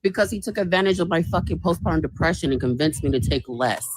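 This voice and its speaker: Upset woman with a lowish voice. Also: animated, fast, background noise. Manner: upset, complaining. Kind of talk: casual group call.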